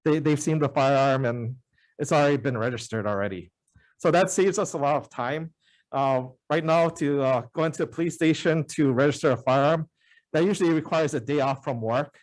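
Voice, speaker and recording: Halting man testifying at a hearing. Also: fairly high pitch. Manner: halting, many uh fillers, earnest. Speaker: member of the public testifying.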